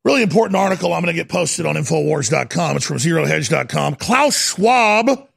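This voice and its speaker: A male talk radio host delivers a heated, emphatic monologue. His voice sits high and is heavily gravelly with a rough fry running through it. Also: expressive. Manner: heated, emphatic, rapid-fire rant.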